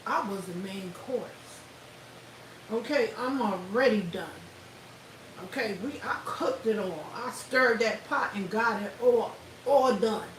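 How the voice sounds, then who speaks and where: A woman's voice: mid-range voice, slow, close to an everyday voice. A woman putting on the voice of a smug wealthy woman taunting others about her payout. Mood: smug gloating. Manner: boastful, taunting. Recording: roomy echo, far from mic, faint hiss.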